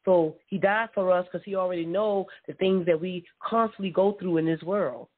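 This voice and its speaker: A preacher giving an informal Bible teaching, reading scripture aloud, often repeating words and affirming with a quiet mm-hmm. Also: medium pitch, fairly even intonation, normal speed. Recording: tinny phone-line audio.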